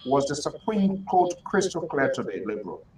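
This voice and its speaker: Forceful man hosting a heated talk show. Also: fairly high pitch, big pitch swings, moderate pace, distant mic, slight background noise, poor audio. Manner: forceful, interrupting, pressing guests for answers.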